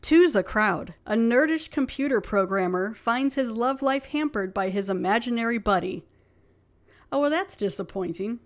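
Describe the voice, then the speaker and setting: A woman's voice: fairly high pitch, expressive, normal speed. A woman hosting a podcast, talking through an episode in a chatty, rambling way. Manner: chatty, rambling with many fillers. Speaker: podcast host. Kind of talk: casual chat.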